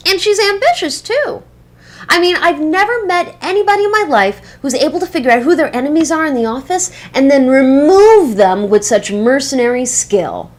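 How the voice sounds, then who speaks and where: A woman's voice: sits high, lively intonation, moderate pace. An actress playing a young catty woman who sabotages her former employee with gushing, backhanded praise over the phone. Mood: mock-sweet. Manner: sweetly sarcastic, gushing, backhanded. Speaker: former boss giving a job reference by phone. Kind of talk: scripted comedy monologue.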